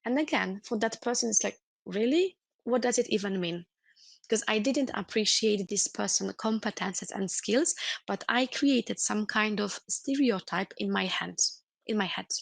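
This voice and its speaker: Gravelly-voiced woman giving an earnest webinar lecture. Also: mid-range voice, moderate pace, no echo. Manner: earnest, explanatory, with many restarts and "let's say". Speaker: corporate trainer.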